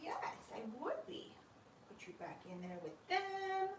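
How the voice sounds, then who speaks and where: A woman's voice: very high-pitched, sing-song, a little slow, noisy background. A woman host chatting casually on a live stream at home, talking fondly to her pets and laughing often. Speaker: sugar glider owner and channel host. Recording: roomy room with mic at a distance.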